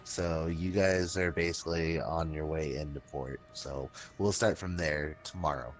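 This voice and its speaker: A man's voice: extremely low pitch, fairly even intonation, measured pace, soft background music. A man explaining the setup for the next game session in a matter-of-fact way. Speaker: player and next game master. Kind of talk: casual chat.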